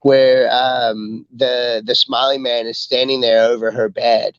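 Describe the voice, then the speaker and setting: A man's voice: medium pitch, little pitch movement, a little slow, clean tone, dry recording, muffled recording. A man co-hosting a podcast, chatting enthusiastically and rambling as he retells a comic book. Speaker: podcast co-host. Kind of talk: casual chat reviewing comics.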